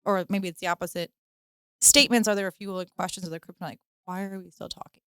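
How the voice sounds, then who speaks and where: A woman's voice: lowish voice, steady tone, fast talker, fairly bright tone, clean tone, no echo, studio quality. A woman co-hosting a casual podcast chat about parenting, rambling with many fillers. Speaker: podcast co-host.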